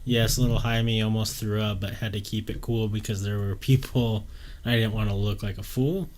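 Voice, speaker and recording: A man's voice: on the low side, steady tone, moderate pace, a little mellow. Joking young man trading profane banter. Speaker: podcast co-host. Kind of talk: casual chat.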